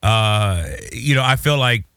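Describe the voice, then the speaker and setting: A man hosts a relaxed podcast chat, rambling and animated, often restarting his sentences. His voice sits at an ordinary mid pitch, recorded up close and dry, with no room echo. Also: unhurried, clear, resonant tone. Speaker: podcast host and communications professor. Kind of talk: casual podcast conversation.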